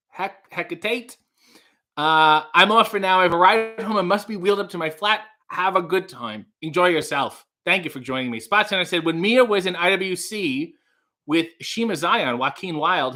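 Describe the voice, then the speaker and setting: A man's voice: on the high side, sharp tone. A man hosting a casual livestream, reading out viewer comments and riffing on them in a rambling, playful way. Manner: rambling, playful, mock-grand asides. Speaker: livestream host.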